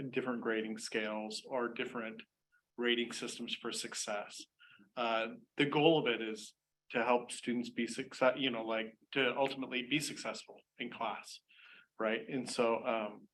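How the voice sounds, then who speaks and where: A man's voice: mid-range voice, fairly bright tone, slight background noise, rough recording. Easygoing man explaining at a school board meeting. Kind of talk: casual meeting discussion.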